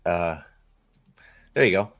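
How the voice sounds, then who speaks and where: A man hosting a casual reaction video, talking in a halting, rambling way with many restarts and asides. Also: sits low, animated, a bit bright, no echo.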